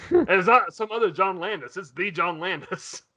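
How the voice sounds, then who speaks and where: A man hosting a podcast in casual chat, telling a story in an animated way. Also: high-pitched, normal speed. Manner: animated, swears and laughs while retelling. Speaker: podcast host.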